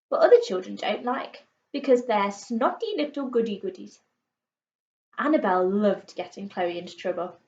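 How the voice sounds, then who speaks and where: A woman teacher reading a children's book aloud to pupils, expressive and playful. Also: fairly high pitch. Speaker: primary school teacher. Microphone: recorded for an online class video. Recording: slightly muffled lo-fi recording.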